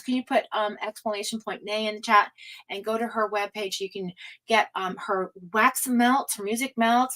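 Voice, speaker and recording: A woman hosts a relaxed livestream and talks straight to her viewers, reading their comments out loud. Her voice sits a little high. She laughs easily and her chat rambles along in a friendly way. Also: rough recording. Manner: chatty, laughs often, reads chat aloud. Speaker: tarot livestream host.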